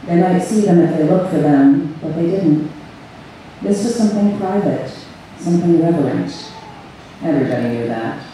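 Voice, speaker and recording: A woman reading her own story aloud to a live audience, measured and unhurried. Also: deep voice, animated, dark tone, slight background noise. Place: event room on a cruise ship. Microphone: far audience camera. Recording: echoey hall recorded from far off.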